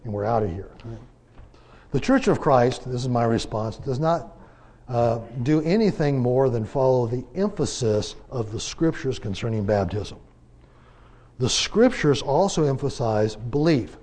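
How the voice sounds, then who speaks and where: Leading a Bible class, a man preaches conversationally, throwing out rhetorical questions and hammering his points with sharp rises and drops in loudness. He speaks at a medium pitch.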